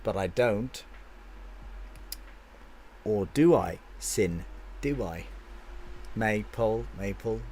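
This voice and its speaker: A chatty male game streamer with a fairly low voice talks loosely to his viewers. He answers their comments one by one and often stops and restarts mid-sentence. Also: expressive, takes it slowly, long pauses, darkish tone, a little hiss or hum. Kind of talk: casual live-stream chat with viewers.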